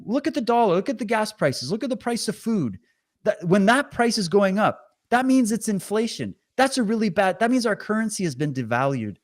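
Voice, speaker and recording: A man's voice: sits high, a little fast. Male interviewer, swooping voice, heated and sarcastic. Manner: animated, sarcastic, indignant.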